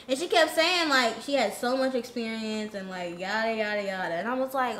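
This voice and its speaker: A young woman telling a storytime vlog, ranting in an animated, indignant way. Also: a little high, a little fast, a little hiss or hum. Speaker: influencer vlogger.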